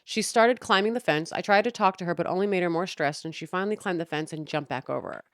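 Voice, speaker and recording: A young woman hosting a podcast, venting about a neighbor in a heated, profane, animated way. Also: lowish voice, fast talker. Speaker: podcast host. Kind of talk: casual storytelling rant.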